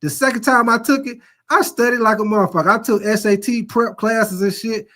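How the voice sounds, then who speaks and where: This middle-aged man has a high, steady voice with a sharp edge, and he talks fairly quickly. He hosts a casual sports talk livestream, loose and joking, reading viewer comments aloud and telling profane stories that make him laugh at himself.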